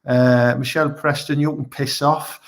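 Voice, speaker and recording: With a steady, mid-range voice at a moderate clip, this Teesside-accented man runs a live comedy show online. His talk is crude and meandering, peppered with "you know what I mean".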